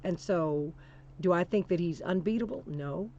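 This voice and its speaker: A woman's voice: fairly low pitch, normal speed, dark tone, slight background noise. Impassioned woman talk host, lo-fi sound. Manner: emphatic, preacher-like repetition, addresses listener as "honey". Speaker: radio talk show host.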